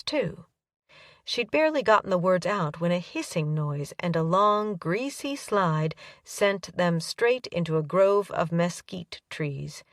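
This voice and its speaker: A woman's voice: on the low side, a bit bright, dry recording, recorded from a distance. Woman narrating an audiobook, dry and close. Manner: reads dialogue with light character voices. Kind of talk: scripted narration.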